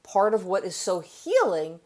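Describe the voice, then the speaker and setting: A woman's voice: mid-range voice, big pitch swings, measured pace, darkish tone. A woman author and therapist explaining ideas in an interview, telling stories from her practice with frequent restarts. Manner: explanatory, storytelling, with many restarts. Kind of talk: interview conversation.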